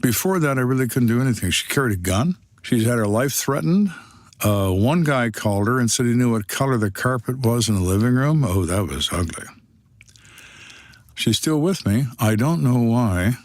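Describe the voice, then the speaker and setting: A man's voice: medium pitch, animated, normal speed, no echo. A man in his sixties, a retired detective, telling stories on a podcast in a blunt, dry, wry way. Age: 60s. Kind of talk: storytelling on a podcast.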